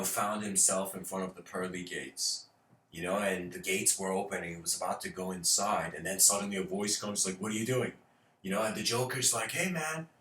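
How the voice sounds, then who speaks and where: A man's voice: sits low, a bit bright, recorded from a distance, a little hiss or hum. A man giving an informal spiritual lecture, rambling, laughing often and using lots of fillers. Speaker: speaker. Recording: roomy echo.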